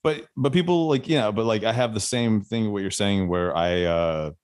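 A man's voice: fairly low pitch, normal speed, darkish tone, no echo, clean studio sound. A man hosting a casual podcast chat. He swears freely and laughs often. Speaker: podcast host. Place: Nashville.

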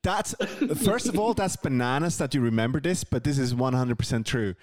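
A man's voice: medium pitch, animated, fairly quick, darkish tone, no echo. A Swiss man co-hosting a podcast, telling a story with a wry, easygoing humor. His voice sits in an ordinary middle range for a man. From Switzerland. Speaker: podcast co-host. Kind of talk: casual chat.

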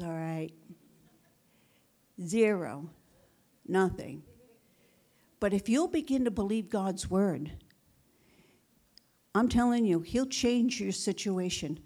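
A woman's voice: on the high side, lively intonation, measured pace, long pauses, mellow. A woman pastor preaching a sermon, fervent and repetitive, with rhetorical questions and calls of "Amen?" to the congregation. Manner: repeats phrases for emphasis.

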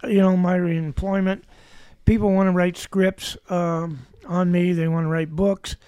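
A man's voice: high voice, little pitch movement, unhurried, mellow, clean tone, no room sound. A man in his seventies, a podcast guest, telling rambling anecdotes with dry humor. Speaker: guest, former backcountry ranger. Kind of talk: casual storytelling.

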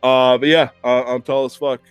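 A man's voice: mid-range voice, normal speed, clear, resonant tone, faint music behind. Profane young man telling a story. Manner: animated, profane, self-mocking storytelling. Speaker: podcast host. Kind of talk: casual storytelling chat.

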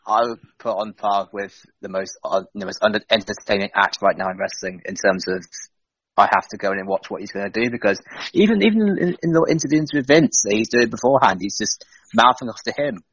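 Low-voiced, enthusiastic male co-host. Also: lively intonation, brisk, a bit bright, slightly rough, no room sound. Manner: enthusiastic, building energy, laughs easily. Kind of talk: casual retro wrestling podcast chat. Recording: dull lo-fi dry sound.

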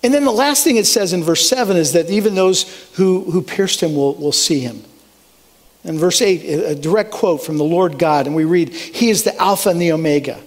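High-voiced preaching man. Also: expressive, normal speed. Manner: earnest, emphatic, swings up for exclamations. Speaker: pastor. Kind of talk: sermon.

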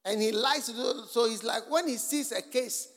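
A man preaching a sermon at a church conference, telling stories and acting out the people he quotes, swinging from hushed asides to shouting. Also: extremely high pitch, normal speed. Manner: storytelling, acts out the people he quotes. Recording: long hall reverb.

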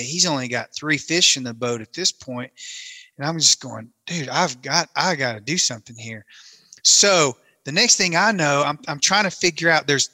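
A man's voice: mid-range voice, sharp tone, no room sound. A man, telling a long self-mocking story in casual chat and acting out his own lines. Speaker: camera operator telling a story.

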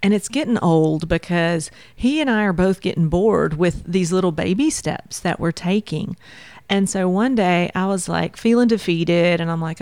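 A woman with a slightly low voice tells a story as a podcast guest. She is animated and acts out her own thoughts as she goes. The sound is close and dry. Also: moderate pace, clear, resonant tone, dry recording. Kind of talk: casual storytelling in conversation.

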